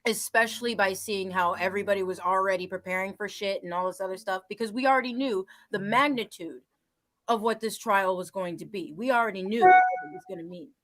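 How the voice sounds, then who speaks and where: A woman's voice: mid-range voice, brisk, fairly bright tone. A woman on a discussion panel, speaking hesitantly with many fillers and restarts.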